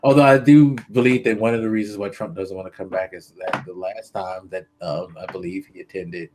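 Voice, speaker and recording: A man co-hosting a casual political podcast, earnest and hesitant, pausing on frequent ums as he works through his points. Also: deep voice, fairly even intonation, noisy background. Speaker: podcast co-host.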